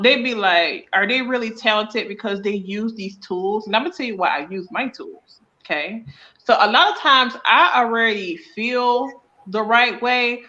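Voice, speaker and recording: A woman talking as a psychic medium guest in a loose, slangy interview chat. Her voice is bright and sharp-edged, and she keeps acting out little back-and-forth dialogues. The recording is a bit dull and lo-fi. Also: fairly high pitch.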